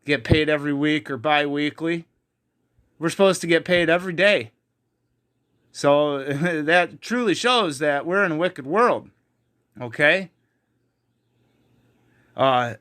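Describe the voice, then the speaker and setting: A man's voice: a little high, lively intonation, measured pace, long pauses, a bit bright. A man teaching from the Bible in an online video, heated and emphatic, with frequent fillers. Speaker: preacher.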